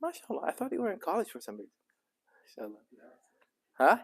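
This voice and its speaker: A man's voice: high voice, huge pitch swings, fast, slightly rough. A middle-aged man, a sheikh, chatting casually and jokingly with teenagers in a mosque youth program. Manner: easygoing and joking. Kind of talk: casual chat with teens.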